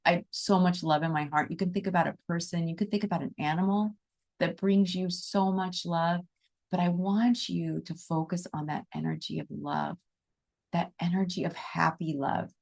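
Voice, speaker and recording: Woman, slightly low voice, Reiki teacher for an online group: eager and chatty, then slow and gentle for a guided meditation. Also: creaky. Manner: enthusiastic, chatty and warm toward the group; slow, soft and soothing when guiding. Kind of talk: casual chat and guided meditation.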